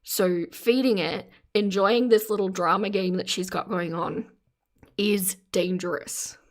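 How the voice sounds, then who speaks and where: Woman streamer, casual commentary, earnest, sympathetic exclamations, mid pitch. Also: steady tone, measured pace. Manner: earnest, exclaims in sympathy while reading chat. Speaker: live streamer reading chat. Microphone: phone camera.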